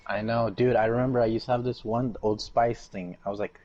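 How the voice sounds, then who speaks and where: A man's voice: medium pitch, steady tone, fairly quick, darkish tone, highs cut off. A teenage boy hosting a casual podcast over a voice call, laid-back and hesitant with lots of ums. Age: teens. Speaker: podcast host.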